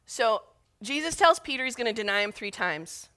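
A woman's voice: a little high, lively intonation, normal speed, sharp tone. A woman preaching a sermon in an earnest, emotional way, retelling scripture and her own memories. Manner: earnest and emotional, with rising intensity on appeals.

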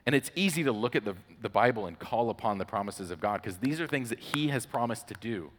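A man preaching a casual, conversational sermon, relaxed and chatty with storytelling asides. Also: lowish voice, fast talker. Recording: long hall reverb.

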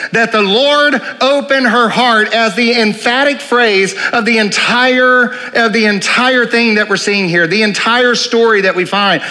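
A man's voice: sits high, bright, forceful tone. A man preaching a sermon in earnest, asking rhetorical questions and repeating key phrases. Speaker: pastor. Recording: long hall reverb.

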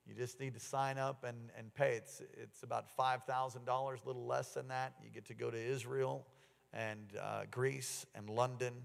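A man preaching a sermon, telling stories with an animated delivery that climbs into excited outbursts. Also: medium pitch, normal speed, gravelly, big-room sound. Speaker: pastor.

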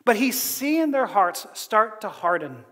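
High-pitched guy preaching, chatty and animated, laughs a lot, big echoey church hall. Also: takes it slowly. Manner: animated, laughs often between phrases. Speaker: pastor. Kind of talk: conversational sermon.

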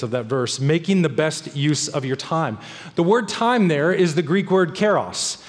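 Brief: male pastor, high voice, emphatic preaching that repeats lines, long hall echo. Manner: emphatic, repeats key phrases. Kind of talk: sermon.

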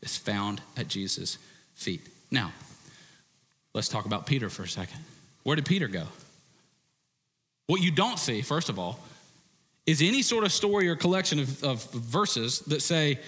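A male preacher giving an animated, conversational sermon with frequent restarts. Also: a little high, normal speed, husky. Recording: reverberant hall.

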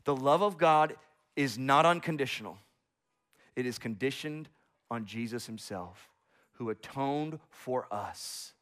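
A man in his thirties preaching a sermon as a pastor, earnest, swinging from slow emphatic stresses to hushed, soft passages. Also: mid-range voice.

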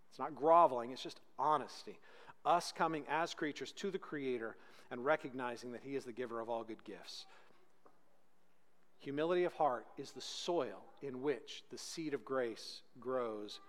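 Man preaching in a reverberant hall. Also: a little high. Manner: dynamic preaching, swinging between loud emphatic peaks and hushed slow lines. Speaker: pastor. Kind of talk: sermon.

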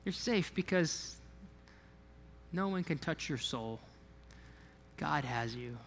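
A man's voice: fairly high pitch, expressive, slow pace, a bit bright, in a large hall, faint music behind. A man preaching a sermon as a pastor, talking in a conversational way, often repeating himself and putting questions to the congregation. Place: church sanctuary.

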